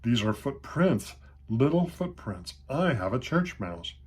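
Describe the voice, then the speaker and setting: A man's voice: on the low side, moderate pace, darkish tone, breathy edge. A man voicing a flustered, kindly old parson who huffs and exclaims. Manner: huffing, exclaiming. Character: fussy old male parson, flustered and kind.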